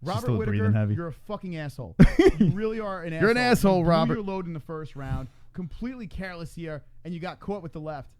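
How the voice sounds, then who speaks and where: A man's voice: fairly high pitch, sing-song, rapid-fire, a little mellow. A man hosting a casual live stream, teasing his co-host and laughing with profane banter.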